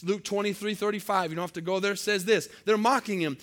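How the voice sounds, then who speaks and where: A man's voice: sits high, fairly even intonation, quick pace, few pauses, fairly bright tone. A male pastor preaching a sermon to his church, calling for amens and building to emphatic peaks. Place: church service.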